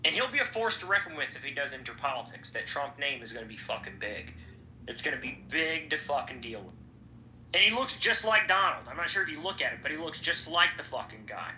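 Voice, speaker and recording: A man's voice: a little high, very animated, brisk, pushed and bright, soft background music. A young man hosting a podcast, chatting casually in a rambling, profane way. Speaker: podcast host. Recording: echoey room, faint background noise.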